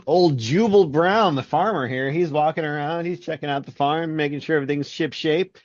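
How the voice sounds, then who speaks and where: A man's voice: a little high, normal speed, no echo. Giggly joking man, dry dull sound. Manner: joking, giggly, drawls folksy voices when retelling. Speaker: podcast co-host. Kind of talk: casual comic book review chat.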